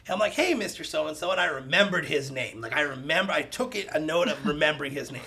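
A man, a realtor guest on a podcast, telling a story in a casual, animated way, acting out the dialogue and getting loud at the punchlines. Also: fairly high pitch, fast, a little hiss or hum.

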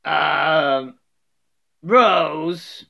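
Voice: medium pitch, drawn-out words, creaky, bright, forceful tone, heavily acted. A fan voicing a sensible, exasperated older woman with a sardonic inflection.

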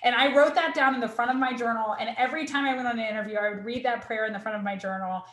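A woman's voice: fairly high pitch, steady tone, racing, fairly bright tone. A woman academic, a guest, telling candid personal stories with earnest feeling and frequent restarts. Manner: earnest, emotional, with many restarts. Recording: roomy echo.

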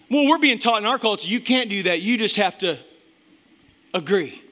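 A male pastor preaching a sermon to his church, impassioned, swinging between loud emphatic bursts and quiet, intense stretches. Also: high voice, animated, normal speed.

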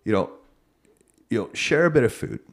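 Man, podcast co-host, casual debate, earnest, restarts phrases, middle pitch. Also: huge pitch swings, moderate pace, gravelly.

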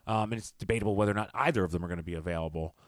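A man's voice: sits low, rapid-fire, no room sound. A man co-hosting a sports podcast, giving his opinions in long runs with frequent restarts. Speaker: podcast co-host. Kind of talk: casual sports talk.

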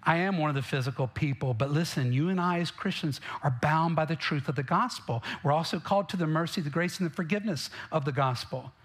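Brief: male pastor, slightly high-pitched, punchy sermon delivery. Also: quick pace, hardly any pauses, breathy edge. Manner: emphatic preaching, direct questions to the congregation.

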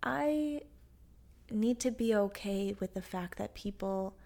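A young American woman in casual podcast conversation, full of quick affirmations and playful asides. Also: medium pitch, vocal fry, mellow.

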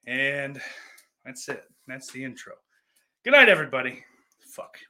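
A man hosting a podcast in casual live-stream chat, greeting viewers and rambling through profane, self-deprecating banter, with loud outbursts between muttered asides. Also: mid-range voice, very animated, a little slow. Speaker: podcast host.

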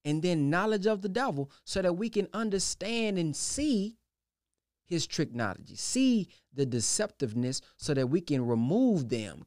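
A man's voice: no room sound, clean studio sound. A man preaching a sermon emphatically, posing rhetorical questions to his listeners. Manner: emphatic, rhetorical questions, pitch swinging widely.

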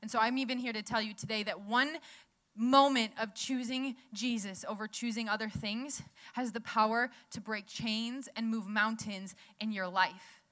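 A woman's voice: on the high side, sharp tone. A young woman preaching a sermon in a conversational way, laughing often and telling stories with animation.

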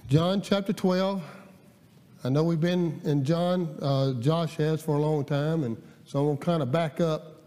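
A man preaches in a folksy, halting way, telling a story between readings of scripture. His voice sits a bit high for a man. The sound rings with the long reverb of a church sanctuary. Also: steady tone, mellow. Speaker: guest preacher.

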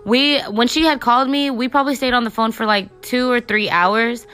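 Chatty young woman with a bright voice. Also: on the high side, steady tone, normal speed, smooth. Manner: chatty, profane, lots of fillers. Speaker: podcast host. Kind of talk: casual storytelling monologue.

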